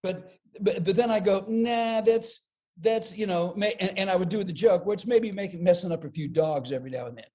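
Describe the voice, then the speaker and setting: A man's voice: high voice, quick pace, few pauses. A man who is a comedian, talking on a podcast interview and telling stories with lots of energy, often repeating words as he builds up a joke. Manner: animated storyteller, repeats words as he builds jokes. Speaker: comedian guest.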